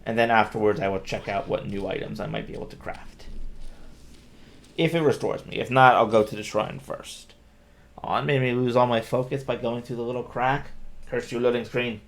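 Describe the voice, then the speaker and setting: A man's voice: mid-range voice, steady tone, normal speed, vocal fry. A man giving casual let's-play commentary, thinking aloud and grumbling wryly at the game. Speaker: gameplay commentator.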